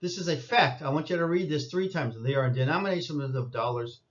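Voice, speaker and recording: A man's voice: on the high side, a little fast, dull audio. A man giving an insistent lecturing monologue, repeating his points and scolding listeners. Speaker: commentator.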